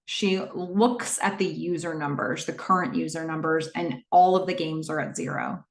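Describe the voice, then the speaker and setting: A woman's voice: deep voice, normal speed, gravelly. Chatty woman host in an echoey room. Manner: chatty, animated, many fillers. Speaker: podcast host. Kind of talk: casual TV episode recap.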